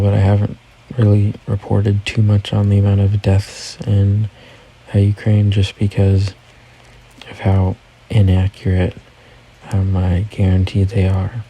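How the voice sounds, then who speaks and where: A man's voice: fairly low pitch, monotone, unhurried, dark tone, rough recording. A man hosting a casual news recap, reading headlines and adding offhand personal comments. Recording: faint background noise.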